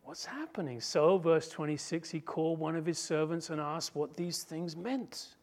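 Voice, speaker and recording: Male pastor, sermon, high voice, dramatic, emphatic. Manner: slow, emphatic, dramatic storytelling.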